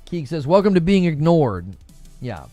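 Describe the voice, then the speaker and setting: Animated male livestream host, dry close sound. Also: fairly high pitch, normal speed, dry recording, soft background music. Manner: animated, laughs often, talks back to chat. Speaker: livestream host reading chat. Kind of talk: casual livestream commentary.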